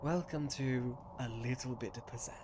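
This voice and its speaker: A man's voice: mid-range voice, normal speed, natural voice. A man voicing a male blue fire elemental tattoo artist in a tuxedo, breezy and darkly cheerful, over a noisy background.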